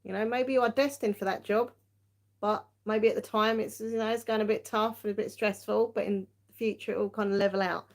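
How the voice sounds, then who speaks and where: A woman hosts a tarot-reading livestream, chatting casually in a way that's giggly, self-mocking and a little tired. Her mid-range voice holds a steady tone and moves briskly.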